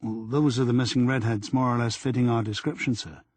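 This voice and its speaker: A man's voice: mid-range voice, steady tone, a little fast, darkish tone, dry recording, close to an everyday voice. A man voicing an earnest, deferential young male detective sergeant in an audiobook. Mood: reporting.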